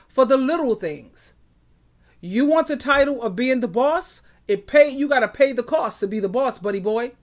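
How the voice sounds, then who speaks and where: A woman hosting a commentary vlog, giving emphatic, outspoken relationship advice. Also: on the high side.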